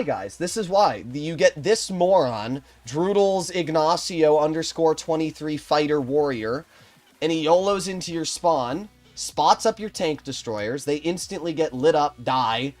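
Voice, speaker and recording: Young male streamer, brash and excitable live commentary over faint background music. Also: a little high. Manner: excitable, boastful, bursts of loud exclamations.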